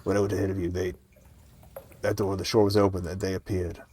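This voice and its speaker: Low-voiced man reading game dialogue. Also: little pitch movement, fast talker, dark tone. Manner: casual, swears, reads lines in a low murmur. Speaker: streamer.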